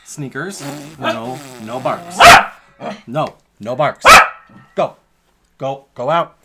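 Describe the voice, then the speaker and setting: A man's voice: medium pitch, expressive, drawn-out words, very noisy. A man in his thirties chatting casually as he hosts a live stream and keeps stopping to scold a barking puppy. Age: 30s.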